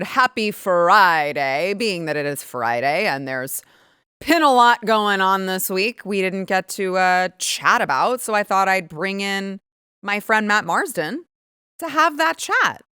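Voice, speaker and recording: Woman host in her thirties, bright and crisp, sarcastic political commentary. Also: medium pitch, no room sound, clean studio sound. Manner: sarcastic, animated, quick asides. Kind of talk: political talk show commentary.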